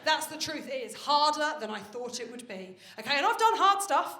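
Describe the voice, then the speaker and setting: A woman performing a stand-up comedy set on stage, telling stories in a brash, animated way with plenty of swearing. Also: sits high, normal speed. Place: stage of a live comedy venue. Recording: roomy live venue with faint noise. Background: audience laughter.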